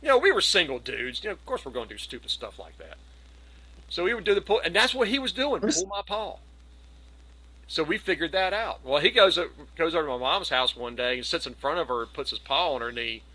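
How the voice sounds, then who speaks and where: A middle-aged man spins a rambling anecdote over a video call, lively and conversational, now and then putting on other people's voices. His voice sits a bit high for a man and rings bright and forward. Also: fast talker, poor audio. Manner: animated anecdote, acts out quoted voices. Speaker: community gathering participant. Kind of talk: casual storytelling.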